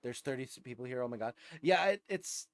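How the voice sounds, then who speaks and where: A man's voice: mid-range voice, expressive, fairly quick. A man in his twenties with a New Jersey accent, chatting casually on a live game stream, rambling and chuckling, with lots of fillers and restarts. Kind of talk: casual live-stream chat while gaming.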